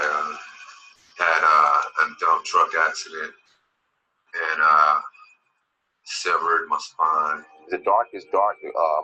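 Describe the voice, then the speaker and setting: A man's voice: rumbling low, pushed and bright, a little hiss or hum. A man giving documentary testimony, telling his story with emotion and many fillers, over dull lo-fi video sound with music behind. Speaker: interviewee recounting his injury.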